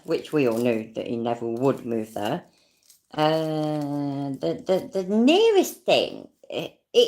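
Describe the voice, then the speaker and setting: A British woman talks through a clip in loose, rambling commentary, sarcastic and quick to swear. Her voice sits low and gravelly, with a lively pitch that swings up and down as she goes. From not American. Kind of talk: casual commentary.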